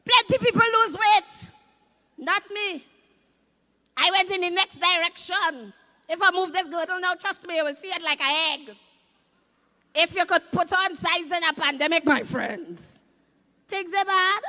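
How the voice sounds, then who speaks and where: A woman in her fifties with a Trinidadian accent, doing loud, animated stand-up comedy on a live stage. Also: very high-pitched, measured pace, pauses often. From Trinidad and Tobago. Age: 50s. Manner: loud, animated, shouting punchlines.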